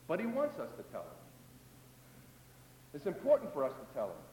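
A man preaching a sermon in a high, lively voice that rises to loud emphasis and drops to hushed asides. He acts out the voices of doubters and psalm prayers. The sound carries the long echo of a large hall. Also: fairly quick, long pauses.

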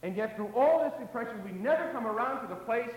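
Man preaching a lively, dramatic sermon. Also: very high-pitched, fast, reverberant, long reverb tail, muffled recording. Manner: dramatic swings between loud emphasis and hushed asides; acts out the voices of doubters and psalm prayers.

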